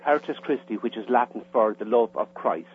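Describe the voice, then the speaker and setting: A man's voice: medium pitch, a little fast, breathy edge, soft background music. A man with an Irish accent, a caller on a radio interview, explaining plainly with some hesitations. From Ireland. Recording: tinny phone line with faint hum.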